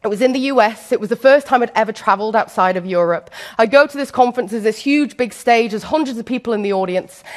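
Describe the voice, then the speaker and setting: Lively woman giving a conference keynote. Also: on the high side. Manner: lively storytelling with self-deprecating humour; addresses the audience directly with questions. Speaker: keynote speaker and leadership trainer. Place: conference stage before a live audience.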